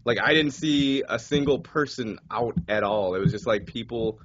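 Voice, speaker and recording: A man's voice: medium pitch, moderate pace, background noise. A man from the United States, co-hosting a podcast in casual chat and telling stories full of swearing. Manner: profane, animated storytelling. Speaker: podcast co-host. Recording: dull lo-fi sound.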